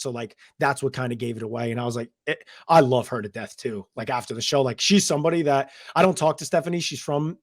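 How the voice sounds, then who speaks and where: A young male guest from New Jersey tells stories in a casual interview, rambling and animated, with many "I was like" quotes. He talks at a quick pace with a medium pitch and few pauses, and the sound is dry and close with no echo.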